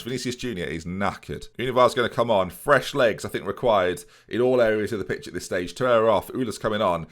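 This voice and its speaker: A man's voice: fairly low pitch, brisk, hardly any pauses. A man commentating a football management video game play-by-play, addressing viewers with jokey asides.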